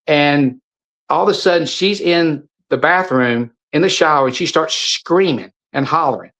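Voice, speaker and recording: The audio is poor, but you can hear a fairly high-pitched, slightly bright male voice at normal speed. He is a middle-aged supplement seller on as a guest, preaching intensely in a monologue marked by repeated phrases and stumbling restarts.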